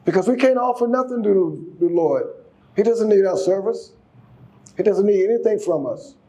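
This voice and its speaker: A man with a high, warm voice gives a casual sermon as part of a class, speaking at normal speed. He exhorts the congregation, often repeating himself and restarting his words.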